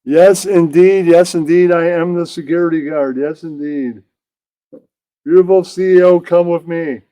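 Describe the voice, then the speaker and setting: A self-important cat security guard puppet draws out his lines in a raised, loud voice, as a man puts him on. He sounds puffed up and official. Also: fairly high pitch, fairly even intonation, unhurried, pitched above the performer's own voice, natural voice. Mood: pompous.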